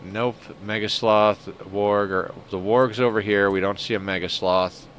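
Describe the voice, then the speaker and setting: A young man streaming a game, chatting casually and musing out loud, with lots of filler words. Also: on the low side, fairly even intonation, a little slow, slight background noise. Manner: rambling, reflective, many filler "like"s; cooing baby talk to a pet. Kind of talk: casual gameplay stream chat.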